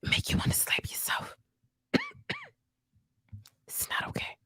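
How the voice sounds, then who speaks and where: A woman host giving whispered news commentary in a husky whisper, animated and profane, repeating herself for emphasis. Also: unhurried, no room sound. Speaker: channel host.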